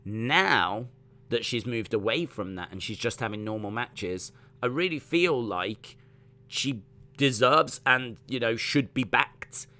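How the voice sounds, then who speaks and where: A talkative man on a casual live stream, meandering through his thoughts with plenty of fillers. His voice is bright and forceful, pitched in an ordinary middle range. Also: animated, slow. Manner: rambling, chatty, full of fillers. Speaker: wrestling watch-along streamer.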